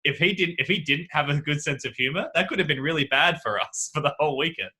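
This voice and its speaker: A man spins an anecdote on a casual podcast, his voice bright and forward. He jumps into the voices of everyone in his story as he goes, and he is talking into a home video-call mic. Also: a little high, lively intonation, quick pace. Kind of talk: casual chat. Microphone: video call microphone.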